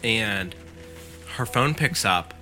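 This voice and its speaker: Low voiced guy retelling a creepy story, super casual, says like a lot, kinda bright sound. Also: lively intonation, slow pace, soft background music. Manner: filler-heavy, lots of "like", quotes the storyteller. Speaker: podcast host retelling a scary story.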